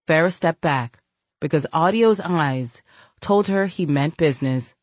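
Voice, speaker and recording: A woman's voice: deep voice, measured pace, dry recording. A woman narrating a gritty novel as an audiobook, reading expressively. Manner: expressive, voices each character. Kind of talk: scripted narration.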